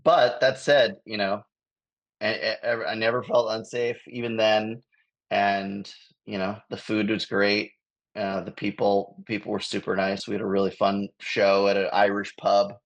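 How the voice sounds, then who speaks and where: A man's voice: lowish voice, little pitch movement, a little slow, lo-fi sound. An American man from Los Angeles, a touring comedian, telling a rambling story on a video call, chuckling often. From Los Angeles, USA. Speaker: guest, touring improv comedian. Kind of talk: casual storytelling.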